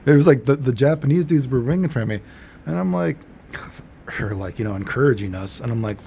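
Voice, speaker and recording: A man's voice: mid-range voice, animated, fast talker, gravelly, mellow, a little hiss or hum. A man telling a story in a casual, rambling monologue, laid-back and full of fillers and self-corrections. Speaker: vlogger.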